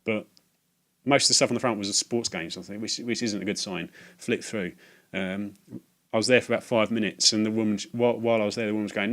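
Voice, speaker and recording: A man telling a rambling, halting anecdote for his video game vlog, often stumbling and repeating himself. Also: fairly even intonation, fairly bright tone. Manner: rambling, halting, self-mocking, acts out voices in a high falsetto. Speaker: video game collector vlogger.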